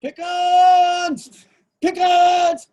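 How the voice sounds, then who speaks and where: A man voicing an excitable adult male scout leader who yells in a high, strained voice. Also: slow, heavily acted. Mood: furious.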